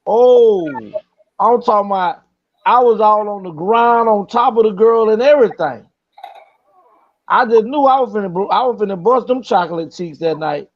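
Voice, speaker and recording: Host, male, high voice, animated storyteller, slightly muffled audio. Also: normal speed. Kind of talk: casual storytelling chat. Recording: slightly dull lo-fi sound.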